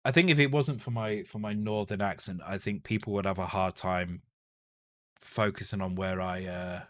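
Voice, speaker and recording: A man's voice: deep voice, steady tone, normal speed, fairly bright tone, dry recording, clean studio sound. A man with a Northern English accent, streaming live as he codes and thinks aloud, muttering to himself, correcting himself and joking with casual swearing. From Northern England. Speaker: streamer coding a retro game.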